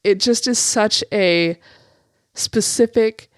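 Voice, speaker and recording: A young adult woman from Montana with vocal fry and a slightly raspy voice, co-hosting a podcast in candid casual chat full of "like" fillers. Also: medium pitch, slow pace, a bit bright, dry recording, studio quality. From Eastern Montana, USA. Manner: candid, frequent "like" fillers, swears freely. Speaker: podcast co-host.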